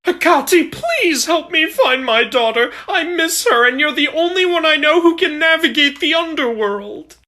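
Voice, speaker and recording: A man's voice: very high voice, animated, a little slow, few pauses, pushed and bright, voice pushed up, full character voice. A man playing an overbearing, anxious mother goddess who pleads for help, in a comedy sketch. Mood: pleading.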